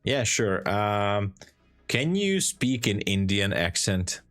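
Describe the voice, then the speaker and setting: A man's voice: lowish voice, big pitch swings, takes it slowly, fairly bright tone, faint music behind. A man streaming his live day trading, chatting casually and hesitantly, often restarting his sentences and teasing dryly.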